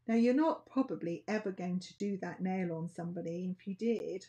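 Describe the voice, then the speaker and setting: Gravelly low-voiced woman teaching nail art. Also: moderate pace, warm tone. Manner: chatty, thinking aloud while working. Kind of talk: casual tutorial demonstration.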